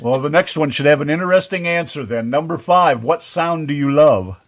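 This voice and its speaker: A man's voice: a little high, moderate pace, no room sound. A man hosting an internet radio interview, reading out numbered questions in a teasing way. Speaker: radio show host.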